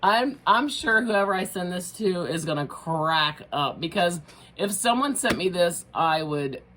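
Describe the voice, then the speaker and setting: Middle-aged lady showing off her crafts, low voice that bounces all over, chatty and giggly. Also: animated, a little slow, fairly bright tone, a little hiss or hum. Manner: bubbly, chatty, laughs often at herself. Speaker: craft vlogger. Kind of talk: casual craft tutorial chat.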